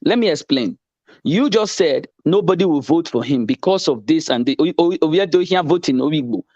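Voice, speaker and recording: A man's voice: on the high side, expressive, normal speed, a little mellow, no echo. A man arguing politics in a heated casual debate, insistent and lecturing, often repeating himself. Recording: dull lo-fi sound.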